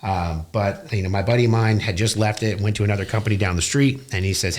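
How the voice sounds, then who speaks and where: A man's voice: fairly low pitch, fast talker. A young man, a business owner, telling his career story bluntly and profanely in a casual interview. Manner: blunt and profane, animated retelling.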